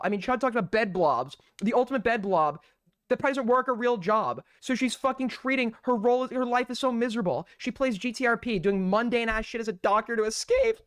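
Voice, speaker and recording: A man's voice: extremely high pitch, lively intonation, brisk, a bit bright, no room sound, clean studio sound. A man hosting a live stream, mocking what he watches in profane, ranting commentary. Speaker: streamer host.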